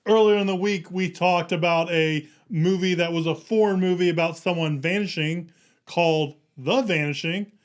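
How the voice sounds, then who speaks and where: A man's voice: sits high, steady tone, normal speed, clean tone. A man hosting a casual movie podcast, upbeat and chatty. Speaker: podcast host.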